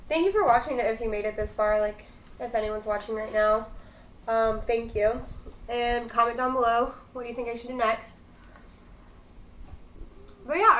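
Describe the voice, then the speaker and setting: A young woman in her twenties chats and rambles through her meal, her voice sitting a little high. She fills her talk with "like". The sound is roomy, recorded on a phone with a faint hiss behind her. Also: fairly bright tone. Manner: rambling, chatty, heavy use of "like". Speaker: mukbang host. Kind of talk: casual chat while eating.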